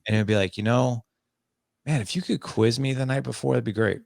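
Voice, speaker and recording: A man in his forties, a podcast guest who coaches fathers, telling stories in a lively way and acting out both sides of a talk. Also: medium pitch, a little fast, gravelly, no echo, studio quality. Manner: animated, acts out both sides of dialogues. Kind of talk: conversational interview storytelling.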